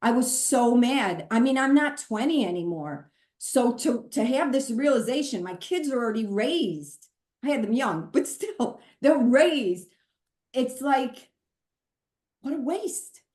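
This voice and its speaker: A middle-aged woman, a pastor, telling her story in a candid, earnest conversation, animated and open. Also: fairly high pitch, a little slow. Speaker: pastor and guest. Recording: roomy echo.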